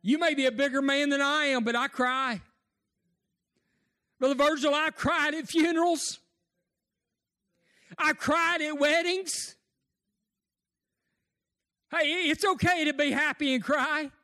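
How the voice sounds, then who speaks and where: A preacher, a man with a strikingly high and bright voice, delivers an impassioned sermon. He rises into shouts and tearful cries as he builds. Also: steady tone, takes it slowly, pauses often.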